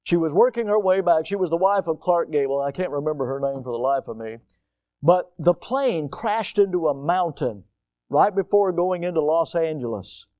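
Older man, pastor, sermon, dramatic swings from hushed to loud, fairly high voice, dry close sound. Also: lively intonation, normal speed, no room sound. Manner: dramatic, rising to near-shouts for emphasis.

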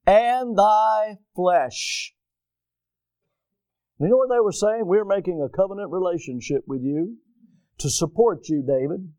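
A man's voice: high voice, darkish tone, no echo. A man preaching a sermon, stretching out key words for emphasis.

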